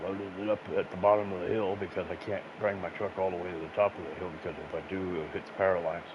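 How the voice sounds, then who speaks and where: This streamer's voice is low-pitched and level, and he talks fast. Between fits of laughter he plays a game and rambles through crude, swear-filled stories. The audio is muffled and lo-fi, with background noise.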